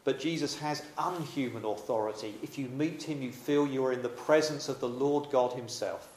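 A man's voice: mid-range voice, moderate pace, a little mellow, slight background noise. A man preaching a sermon in a dramatic, emphatic yet conversational way. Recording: echoey room.

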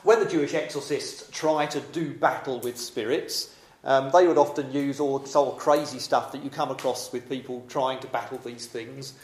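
A man's voice: mid-range voice, fairly even intonation, normal speed. A man preaching a sermon in a dramatic, emphatic yet conversational way. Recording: echoey room.

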